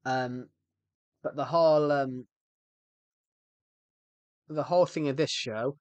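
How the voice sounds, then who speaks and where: In a mid-range voice with a steady tone, a man takes his time as he chats on a live stream, and there's no room sound. His talk is loose and jokey, wandering as he cuts himself off and restarts.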